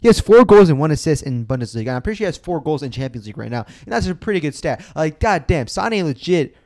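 A young man hosting a casual solo soccer podcast, excitable and rambling, swearing often as he reacts. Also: on the high side, quick pace. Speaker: podcast host.

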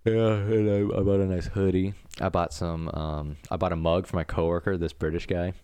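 A young man from Florida with a very deep, smooth voice, chatting casually as a podcast co-host. He rambles, swears freely and laughs often, recorded close and dry with no room sound. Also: steady tone, normal speed, warm tone, dry recording. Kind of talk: casual chat.

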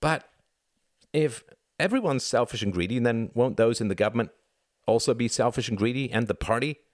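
A man's voice: medium pitch, lively intonation, normal speed, no room sound, clean studio sound, pitched above the performer's own voice, natural voice. A man doing a skeptical young student. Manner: questioning, insistent. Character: skeptical young male student, probing questions.

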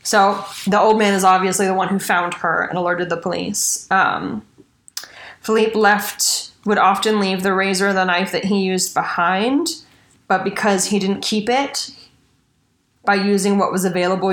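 A woman, mid-pitched, telling a grisly story on a casual podcast with animated, swearing delivery. Her voice sounds roomy and echoey, as if recorded in an untreated room. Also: moderate pace. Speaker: podcast co-host. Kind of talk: casual true-crime podcast chat. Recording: roomy echo.

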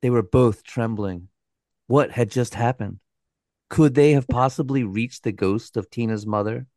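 A man co-hosting a podcast, narrating a scripted story in a measured, dramatic way, with a dry aside. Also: medium pitch, warm tone, dry recording. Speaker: co-host.

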